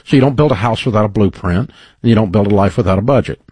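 Husky-voiced man hosting call-in advice. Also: on the low side, fast talker, dark tone, no echo. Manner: encouraging, folksy, faith-based coaching with fillers. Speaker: radio show host.

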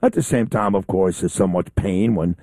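A man's voice: deep voice, moderate pace, warm tone, dry recording. A middle-aged man hosting a radio talk show, rambling and boastful as he chats casually. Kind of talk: casual on-air chat.

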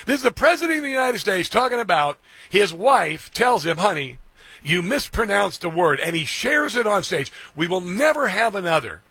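A middle-aged man hosting talk radio, excitable and mocking, with many fillers and restarts. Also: high voice, normal speed, husky, dry recording. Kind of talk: opinionated talk radio monologue.

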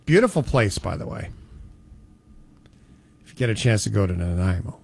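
A man's voice: fairly low pitch, sing-song, moderate pace, vocal fry, darkish tone, slightly rough. A man hosting a radio show, bantering casually in a playful, storytelling way.

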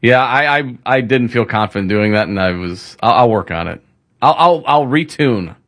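A man co-hosting a casual sports talk show, relaxed and joking with his partner. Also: mid-range voice, moderate pace. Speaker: sports radio co-host.

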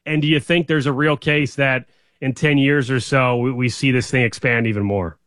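A man's voice: mid-range voice, fairly even intonation, normal speed, a bit bright, dry recording. Guy cohost firing off a last question, dry close mic. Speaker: sports show co-host. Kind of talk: casual sports chat.

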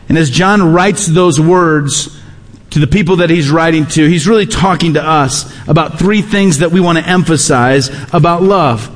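A man's voice: on the high side, normal speed. A man preaching a sermon as pastor in a church, emphatic, repeating his key phrases. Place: church sanctuary.

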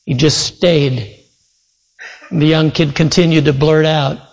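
A man's voice: fairly high pitch, steady tone, takes it slowly, vocal fry. A man preaching a sermon, earnestly retelling a story with many quoted voices. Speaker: pastor. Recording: long hall reverb.

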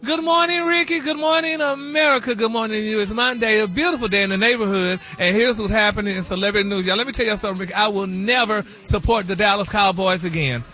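A man's voice: sits high, fast, few pauses, bright, forceful tone. A man delivering celebrity gossip on a radio morning show in a flamboyant, sassy manner, calling everyone honey. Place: radio studio.

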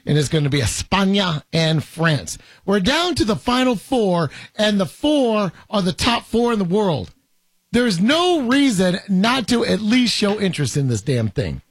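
A man hosts a laid-back podcast chat, his voice pitched high and swinging widely. He jokes and teases his co-hosts in animated banter, with a husky edge on a dry, close recording. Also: measured pace, no room sound. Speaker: podcast host. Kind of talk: casual chat.

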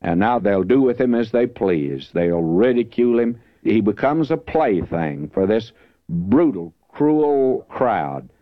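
A man's voice: lowish voice, very animated, slow, no room sound. A man preaching a verse-by-verse Bible teaching sermon, earnest and emphatic, lifting his voice when he reads scripture. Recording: dull lo-fi dry recording.

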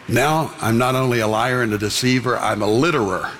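A man's voice: on the low side, quick pace, few pauses, pushed and bright, slight background noise. A man preaching a sermon, telling a personal story and then preaching emphatically. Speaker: pastor. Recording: long hall reverb.

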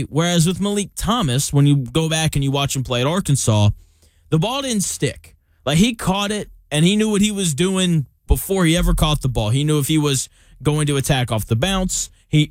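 A young male sports talk host with a somewhat high voice, recorded dry and close with no room sound. He talks casually and opinionatedly, tossing in jokey asides as he makes his case. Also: no room sound.

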